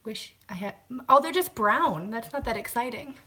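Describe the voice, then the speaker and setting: A woman's voice: on the high side, lively intonation, normal speed, pushed and bright, slightly rough. A woman hosting a casual live stream at home, chatting to viewers, greeting them and answering comments while washing glasses by hand.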